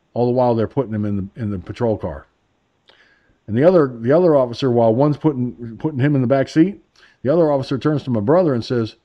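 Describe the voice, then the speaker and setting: Profane, rambling American radio host. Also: male voice, mid-range voice, fast talker, mellow. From United States. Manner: profane, rambling with many restarts. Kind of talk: casual storytelling. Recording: dull lo-fi internet radio.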